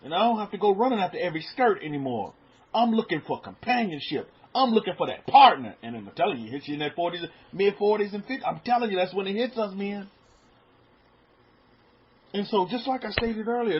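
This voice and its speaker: A middle-aged man preaching in a relaxed, conversational way, stumbling over repeated words and dropping into soft asides. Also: on the high side, husky. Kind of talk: sermon. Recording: dull lo-fi sound.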